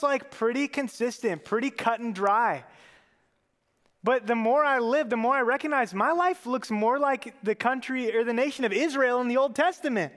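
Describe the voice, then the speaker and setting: Pastor guy with a high voice giving a sermon, earnest, chatty, lots of "like", big echoey church hall. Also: fairly bright tone. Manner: earnest and conversational, with casual fillers.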